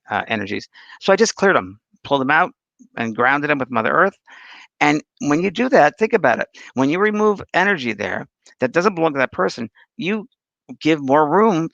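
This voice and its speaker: Man, spiritual talk host, casual, rambling storyteller, gravelly voice, bright tone. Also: medium pitch, dry recording. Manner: chatty and rambling, telling anecdotes and answering viewer questions. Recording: dull lo-fi dry sound.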